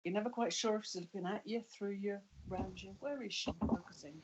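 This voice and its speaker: A woman playing in a tabletop game, slowly describing her character. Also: mid-range voice, background noise. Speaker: player.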